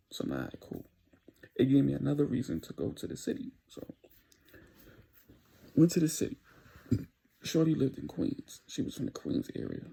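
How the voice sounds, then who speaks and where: A man's voice: mid-range voice, creaky, dark tone, husky. A young man telling a casual storytime tale in loose street slang, full of "you know"s. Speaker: vlogger telling a dating story.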